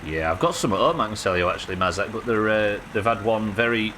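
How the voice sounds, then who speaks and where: A man streams a game, chatting and joking as he plays and swearing freely. His voice sits low but sounds bright and forceful. A faint hiss runs under it. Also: fast talker. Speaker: live streamer. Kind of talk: casual gameplay commentary.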